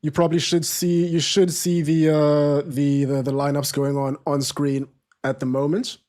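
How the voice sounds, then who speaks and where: A man's voice: on the high side, flat delivery, moderate pace, a little mellow. A man hosting a live football watchalong, chatting casually and self-deprecatingly with many fillers and restarts. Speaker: watchalong streamer. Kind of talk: casual live-stream chat.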